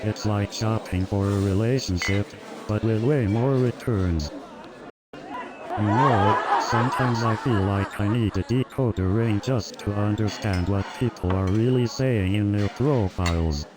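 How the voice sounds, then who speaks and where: A synthetic male voice delivering a stand-up comedy routine in a steady joke-telling cadence with stock setups. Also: fairly low pitch, unhurried, crowd noise. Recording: loud music and laugh track behind. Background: loud music and audience laughter.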